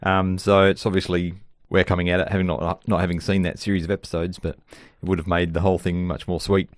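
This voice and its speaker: Laid-back man with a deep voice. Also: little pitch movement, fast talker, dry recording, studio quality. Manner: laid-back, thinking aloud. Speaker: podcast co-host. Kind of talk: casual chat.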